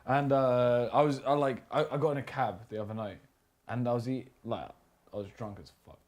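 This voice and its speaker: A man's voice: mid-range voice, steady tone, fairly quick, darkish tone. A man hosting a casual chat, telling a rambling story and swearing casually. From England. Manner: rambling, swears casually, laughs at own stories.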